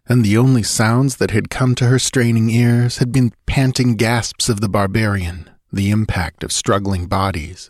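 A man narrating an audiobook in a measured, even storytelling manner on a close mic. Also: on the low side, dry recording. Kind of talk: scripted narration.

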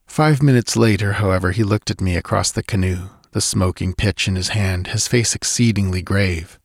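Low-voiced man narrating a somber tale. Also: no echo, studio quality. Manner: measured, somber first-person storytelling. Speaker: audiobook narrator. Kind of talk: scripted narration of a literary tale.

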